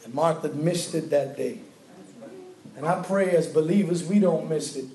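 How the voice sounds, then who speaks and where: A man preaching a sermon in a church, telling stories and acting out the dialogue with animated energy. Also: on the high side, moderate pace. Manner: animated storytelling, acts out dialogue with laughter. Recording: echoey hall, mic at a distance.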